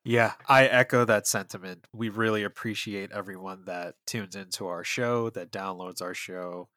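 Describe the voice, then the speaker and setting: Man, podcast co-host, lowish voice, bright edge, casual swearing. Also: fairly even intonation, normal speed, no echo. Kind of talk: casual chat.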